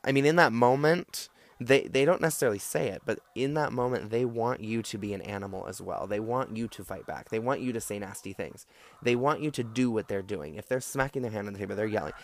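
A man's voice: medium pitch, brisk. A man hosting a casual solo talk show, giving advice in a rambling, sarcastic way with lots of fillers and restarts. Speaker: podcast host.

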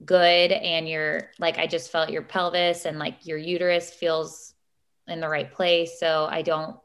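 A woman's voice: low-pitched, flat delivery, unhurried, fairly bright tone. A tired woman, co-hosting a podcast and telling a story casually with lots of fillers. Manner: chatty, emotional storytelling with many fillers. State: tired, short on sleep. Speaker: podcast co-host. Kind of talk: casual chat.

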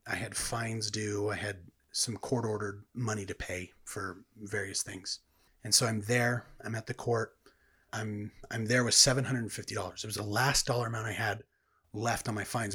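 A man's voice: lowish voice, pushed and bright, slightly rough. A man earnestly telling his personal testimony as a guest in a conversation. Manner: earnest, reflective storytelling.

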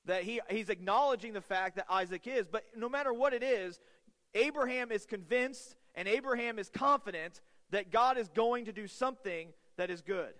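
Male pastor, sermon, earnest, swings from loud urgent peaks to quiet lows, reverberant sanctuary. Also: moderate pace. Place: church sanctuary. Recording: long hall reverb.

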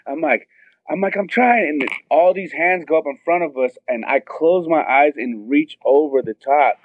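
Excited storyteller man on a phone line. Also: normal speed, background noise. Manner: excited, acts out quotes with high squeals. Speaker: guest telling a story. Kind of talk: animated storytelling. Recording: tinny phone-line sound.

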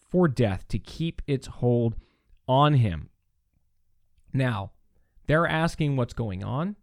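A man with a mid-range voice hosts a podcast, recorded in studio quality with no room sound. He teaches on scripture in an earnest, animated, conversational way, often restarting sentences and checking in with "right?"

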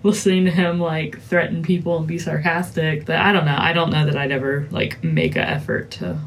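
A woman's voice: low-pitched, a little fast, rough recording. Chatty woman hosting a movie chat. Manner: chatty, heavy use of "like", laughs often. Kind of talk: casual chat reviewing movies.

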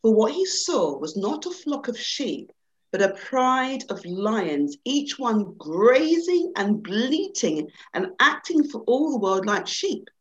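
A woman's voice: a little high, sing-song, slow, muffled recording. A middle-aged woman, a panel guest, who talks reflectively and then reads a story aloud with dramatic swings over a video call.

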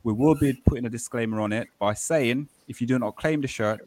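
Guy hosting a podcast call, upbeat, slows down for the reminders, mid-pitch voice. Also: darkish tone. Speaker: podcast host. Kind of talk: casual panel chat. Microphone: video call mic.

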